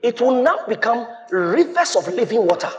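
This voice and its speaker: Animated high-voiced male preacher. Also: normal speed. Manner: animated preaching, quoting scripture, bursts of laughter and shouts. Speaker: pastor. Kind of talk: sermon.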